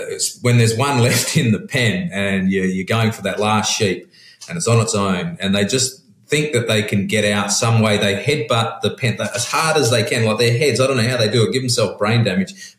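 A man, a pastor and sheep farmer, talking in a relaxed, rambling way with frequent restarts. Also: fairly low pitch. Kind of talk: casual conversation. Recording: roomy echo.

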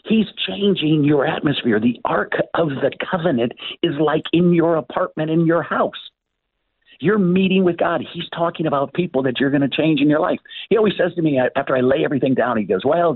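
A man's voice: a little high, brisk, slightly rough, dry recording. An older man guest, telling stories in an interview and acting out the voices of the people in them. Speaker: author and guest. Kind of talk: animated storytelling in an interview. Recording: tinny phone-like line.

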